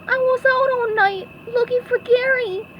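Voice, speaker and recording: A woman reading a storybook aloud and voicing a squeaky, cheerful young sponge boy who is often tearful. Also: measured pace, muffled recording, noisy background. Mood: upset. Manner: high-pitched and earnest, sometimes crying.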